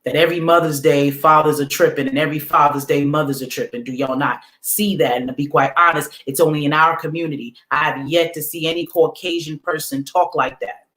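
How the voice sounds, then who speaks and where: A man's voice: a little high, fairly even intonation, fairly quick, hardly any pauses, sharp tone. A man hosting a livestream, giving a motivational talk to his audience in casual slang, repeating affirmations with emphasis like a preacher. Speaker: livestream host.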